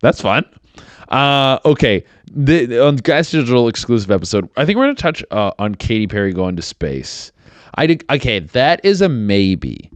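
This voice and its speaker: A man's voice: mid-range voice, sing-song, moderate pace, no echo. A young man hosting a podcast alone, rambling casually with lots of swearing and filler words. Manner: rambling, profane, many fillers. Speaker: podcast host. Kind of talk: casual solo podcast chat.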